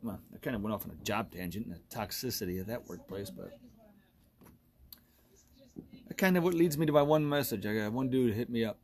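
A man's voice: fairly low pitch, brisk, long pauses, a little hiss or hum. A man in his forties hosting a solo podcast, ranting bluntly and with lots of profanity, often laughing at himself. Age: 40s. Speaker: podcast host.

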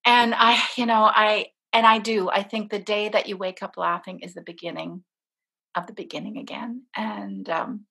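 Bright, husky woman telling a story. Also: mid-range voice, fairly even intonation, normal speed. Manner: emotional, laughs often while telling stories. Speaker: interview guest. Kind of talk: personal storytelling in conversation.

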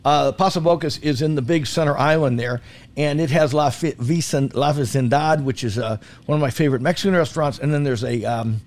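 A man in casual conversation, recommending local restaurants, often pausing with fillers and restarting as he searches for names. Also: on the high side, darkish tone. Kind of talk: casual chat.

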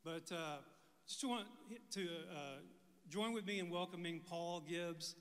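A man's voice: high voice, steady tone, takes it slowly, fairly bright tone, big-room sound. A man hosting a church service, casually introducing the guest speaker. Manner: casual, with fillers. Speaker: church host.

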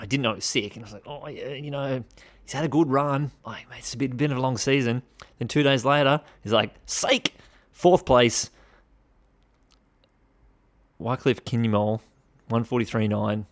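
A young man talks through the latest results in a casual podcast, his voice sitting fairly low. He is chatty and wry and swears casually. Every so often he breaks into animated bursts. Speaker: podcast host. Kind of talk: casual sports commentary podcast.

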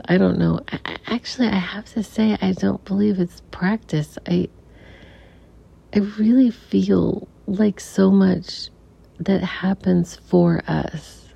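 A middle-aged woman telling a reflective personal story as a podcast guest, softly and haltingly, with many restarts and some near-whispers. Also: medium pitch, fairly even intonation, gravelly, slightly rough. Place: room in a family home. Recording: dull recording with faint air conditioner hum. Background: air conditioner hum.

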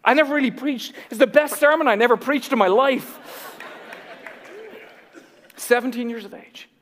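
An Irish man in his forties, a pastor telling his own story in a sermon with animated, self-deprecating humor. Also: very high-pitched, moderate pace, big-room sound. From Ireland.

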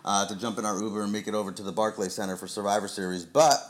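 Chill guy hosting a chat show, kinda low voice, rambles a bit. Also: fairly even intonation, very fast. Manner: laid-back, rambling predictions. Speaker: podcast host. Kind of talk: casual chat.

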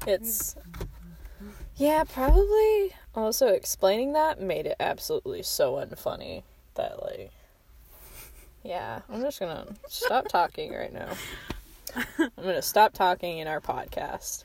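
Slow, gravelly-voiced woman, lively pitch. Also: a little hiss or hum. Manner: laughs often, swears, self-mocking. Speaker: podcast co-host. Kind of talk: casual late-night podcast chat. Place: outdoors at night.

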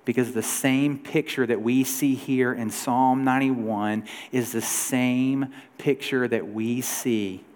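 A man in his forties preaches from the pulpit as pastor, his voice sitting in an ordinary middle register. He talks in a relaxed, storytelling way, pushing ahead and then easing back. His words trail off into the long reverb of a large church sanctuary. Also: medium pitch, slow, few pauses. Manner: conversational storytelling, shifts pace and loudness. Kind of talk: sermon.

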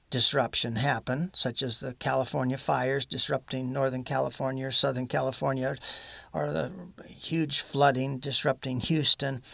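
A man with a gravelly, slightly high voice preaches in an earnest, folksy style and adds homespun humor between scripture points. His voice is close and dry, with little room sound. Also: a bit bright, dry recording. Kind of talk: sermon.

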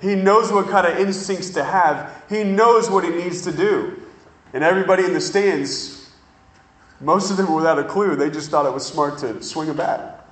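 A man preaching a sermon, telling stories in an animated way and drawing out words for emphasis. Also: sits high, roomy sound, rough recording. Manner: animated storytelling with drawn-out emphasis.

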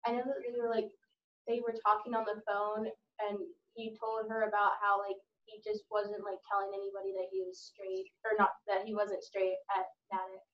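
A woman's voice: medium pitch, flat delivery, moderate pace, a little hiss or hum. A woman in the audience speaks up from far off the mic, her voice muffled and dull. She hesitates and leans on fillers as she asks her question. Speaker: audience member. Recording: distant, dull sound from off-mic.

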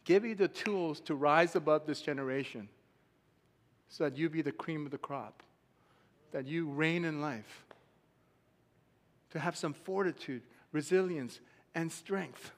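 A man preaching a sermon as a pastor, emphatic and rising to loud shouts. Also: on the high side, measured pace, long pauses. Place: church sanctuary. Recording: long hall reverb.

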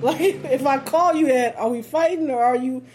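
Woman co-host, high voice, laughs through everything, slangy banter. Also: moderate pace, background noise. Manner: laughs constantly, slangy and animated. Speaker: podcast co-host. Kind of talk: casual chat.

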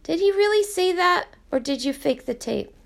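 A woman's voice: extremely high pitch, animated, normal speed, gravelly, voice pushed up, heavily acted. A woman reading aloud voices a desperate teenage girl who pleads breathlessly and urgently. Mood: urgent, pleading.

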